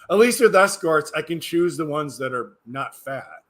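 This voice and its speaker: A man's voice: on the high side, expressive, measured pace, a bit bright. Tired, rambling man streaming. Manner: rambling, hesitant, trails off into mumbles. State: tired, yawning. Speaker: livestreamer reading chat. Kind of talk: casual livestream chat.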